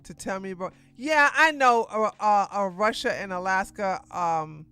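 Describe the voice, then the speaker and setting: A woman podcast host runs a casual political news livestream, rambling loosely with frequent restarts and asides, and talking back to clips. Her mid-range voice is sharp and clean at a moderate pace. There's no echo, only soft background music.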